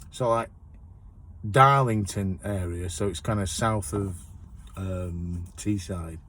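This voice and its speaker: With a lowish, breathy-edged voice, a man who drives a courier van rambles through a chatty story about his work. He restarts sentences frequently in this casual storytelling monologue.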